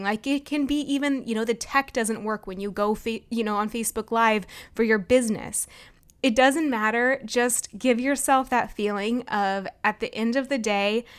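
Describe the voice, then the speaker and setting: A woman's voice: a little high, a bit bright, smooth. A woman in her thirties hosting a podcast, giving a casual motivational talk in a chatty way, full of "like" and "you know". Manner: chatty, frequent "like" and "you know", laughs often. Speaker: podcast host.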